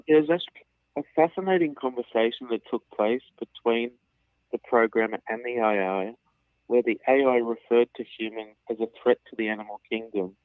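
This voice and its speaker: A man's voice: mid-range voice, no echo. Man, australian accent, radio caller, polite and hesitant, narrow phone-line sound. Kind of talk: radio call-in question.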